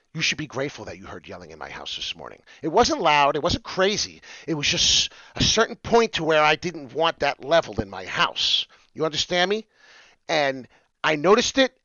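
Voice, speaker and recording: A man giving a fired-up motivational rant about charts, swearing often and swinging from shouting to muttering. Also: mid-range voice, gravelly, dry recording, muffled recording. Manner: swears often, preachy and rambling. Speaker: crypto chart streamer.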